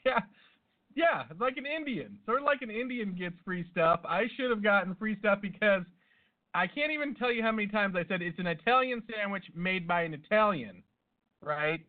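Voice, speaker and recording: Deadpan man joking on a tinny line. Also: high-pitched, moderate pace. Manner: deadpan, absurd riffing. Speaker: podcast co-host. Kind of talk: casual comedic banter. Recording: tinny phone-like sound.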